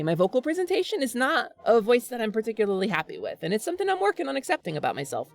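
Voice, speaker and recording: Woman, streamer, casual chat, earnest, frequent laughs, restarts sentences, expressive pitch, close dry sound. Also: no room sound. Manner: earnest, animated, laughs often.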